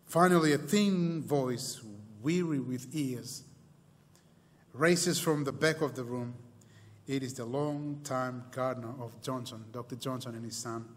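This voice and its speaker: A man preaching a sermon, telling a story dramatically and slowing down and going quiet on key lines. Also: mid-range voice. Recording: long hall reverb.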